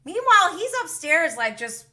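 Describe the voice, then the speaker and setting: A woman hosts a casual live-stream gossip recap, talking fast and freely. Her voice is bright and sharp. She is animated and sarcastic, with exasperated asides throughout. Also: very high-pitched.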